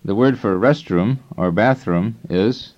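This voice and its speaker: A man narrating a scripted language lesson as instructor, in a calm, measured teaching tone. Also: fairly low pitch. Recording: dull lo-fi tape recording.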